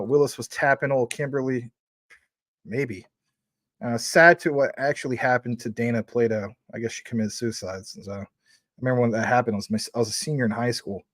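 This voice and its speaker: A man's voice: medium pitch, a bit bright, no room sound. A man in his forties hosting a casual livestream, chatting in a rambling way with lots of fillers while reading out and thanking viewers' super chats. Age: 40s. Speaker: crypto livestream host.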